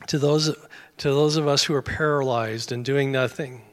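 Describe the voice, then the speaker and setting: A man's voice: mid-range voice, steady tone, normal speed. A man preaching a sermon as pastor, folksy and conversational with self-deprecating humor. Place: church sanctuary. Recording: long hall reverb.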